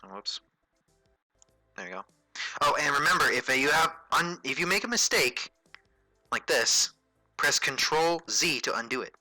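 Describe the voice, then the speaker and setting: A man with a very bright, sharp-edged voice at an ordinary middle pitch walks viewers through a digital drawing in an easygoing livestream tutorial. He thinks aloud, dropping fillers and correcting himself as he goes. The sound is dry and close, with faint music underneath. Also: a little slow, long pauses, no room sound, poor audio. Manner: relaxed, chatty, thinks aloud with frequent fillers and self-corrections. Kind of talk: casual livestream tutorial, narrating while drawing.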